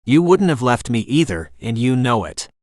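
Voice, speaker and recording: A man's voice: medium pitch, sing-song, normal speed, no echo, studio quality, lightly acted. A man voicing a determined young ranch woman. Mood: defiant. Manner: defiant, firm.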